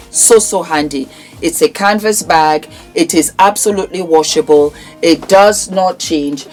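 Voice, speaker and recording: A woman's voice: low voice, darkish tone. A woman hosting her channel, casually promoting products in a gushing, affectionate way and calling viewers darling. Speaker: vlog host.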